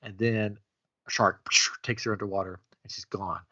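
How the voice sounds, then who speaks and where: A man co-hosting a casual, playful podcast chat, making up a wild story with jokey outbursts. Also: moderate pace. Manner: animated, jokey storytelling with sudden high-pitched outbursts. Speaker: podcast co-host. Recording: dull lo-fi audio.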